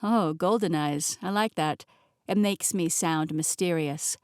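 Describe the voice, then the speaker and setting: A woman's voice: on the low side, unhurried, smooth, dry recording, clean studio sound, voice pushed down, natural voice. A woman voicing a tall, amused young man who banters playfully in an audiobook. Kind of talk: audiobook character voice.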